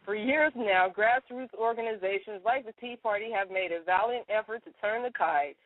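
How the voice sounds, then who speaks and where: A woman's voice: mid-range voice, no room sound. A woman co-hosting a casual radio chat, calling in from her car and talking in an indignant, ranting way. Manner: indignant, ranting, talks fast. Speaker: co-host. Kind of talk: casual radio chat, reading a letter aloud. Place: in a parked car. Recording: tinny dry phone line.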